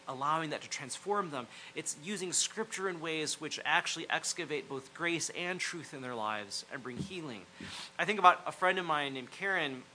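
Bright-voiced earnest male preacher. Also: a little high, a little hiss or hum, rough recording. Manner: earnest, reflective, drops to near-hushed phrases for emphasis. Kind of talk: sermon.

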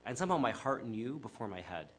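A middle-aged man from the Chicago area delivers a sermon in an earnest, reflective tone. His voice sits in an ordinary middle pitch, and he speaks conversationally, often pausing on fillers and correcting himself mid-sentence. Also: very animated, a little hiss or hum. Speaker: preacher.

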